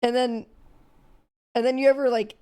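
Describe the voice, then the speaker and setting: A woman's voice: a little high, flat delivery, moderate pace, warm tone, clear, resonant tone. A tipsy young woman, chatting as a streamer in a giggly, rambling way full of "like". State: drunk. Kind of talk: casual chat.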